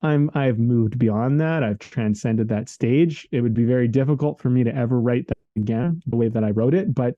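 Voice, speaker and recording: A man's voice: mid-range voice, moderate pace, few pauses, warm tone, no echo, highs cut off. A man co-hosting a podcast, talking in an earnest, rambling, casual way, full of "like" and "man", recorded remotely. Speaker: podcast co-host. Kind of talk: casual reflective conversation. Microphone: remote call microphone.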